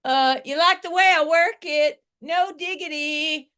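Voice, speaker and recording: A woman's voice: high-pitched, normal speed, a bit bright. A woman playing a needy, flustered guest in an improvised comedy sketch over a video call. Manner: flustered and self-dramatizing.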